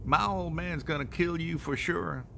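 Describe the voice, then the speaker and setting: A man's voice: a little high, measured pace, creaky, bright, forceful tone, a little hiss or hum, pitched above the performer's own voice, full character voice. An older man voicing the giant's old wife in a folk tale, scolding in a homespun way. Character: bossy old giant's wife, scolding but soft-hearted.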